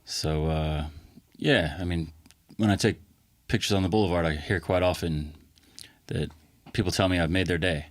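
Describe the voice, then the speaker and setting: A middle-aged man with an American accent, chatting easily as a podcast guest in a recording studio, unhurried with plenty of fillers. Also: low-pitched, dry recording. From England. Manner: easygoing, relaxed, halting with fillers. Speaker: podcast guest, costumed street performer. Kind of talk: casual interview chat.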